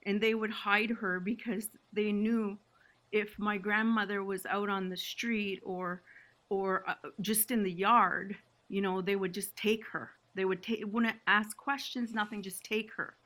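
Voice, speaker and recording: A woman's voice: medium pitch, steady tone, measured pace, a bit bright. A woman from Six Nations, Canada, a podcast guest telling her family story in an emotional, reflective way. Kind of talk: podcast conversation.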